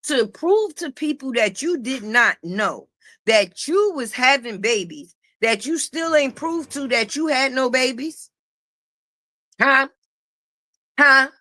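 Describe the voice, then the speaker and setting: A high-pitched, bright-toned middle-aged woman lays into her target in a profane livestream rant. She taunts and repeats herself, close to the mic in a dry room. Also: animated, takes it slowly, dry recording. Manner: confrontational, repetitive taunting. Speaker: livestream commentator.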